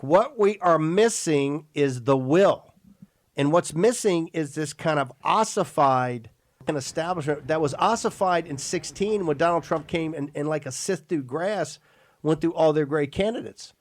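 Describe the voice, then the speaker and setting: A man's voice: on the high side, normal speed, dry recording. A man hosting a political talk radio show, emphatic and rambling, often repeating and restarting words.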